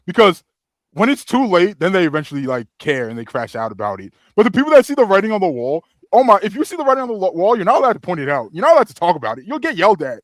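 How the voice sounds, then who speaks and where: Guy riffing fast on a wrestling podcast, highish voice, dry sound. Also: sing-song, no room sound. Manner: fast joking banter, slangy. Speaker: podcast co-host. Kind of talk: casual wrestling podcast chat.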